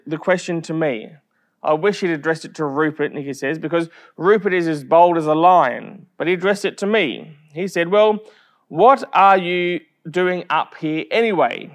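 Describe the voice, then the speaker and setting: A man delivering a sermon, telling stories with lively quoted asides. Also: a little high. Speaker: preacher.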